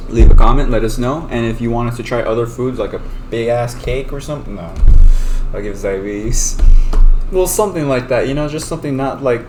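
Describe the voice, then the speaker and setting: A woman's voice: extremely low pitch, a little fast, over music. A young woman vlogger chatting casually and teasing her sister, sounding playful and full. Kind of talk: casual chat. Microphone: desktop USB mic. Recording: noisy laptop recording.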